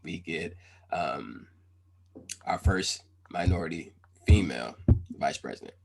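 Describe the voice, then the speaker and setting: A man's voice: very deep voice, animated, a little slow, vocal fry, darkish tone, slight background noise. A man hosting a casual podcast interview, earnest and rambling, full of "you know" and "like". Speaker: podcast host.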